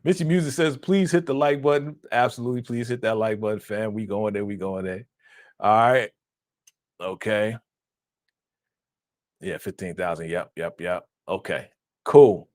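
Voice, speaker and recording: A man hosting a casual live-stream reaction, animated and laughing, acting out quotes in a raised voice. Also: fairly low pitch, normal speed, long pauses, no echo, clean studio sound.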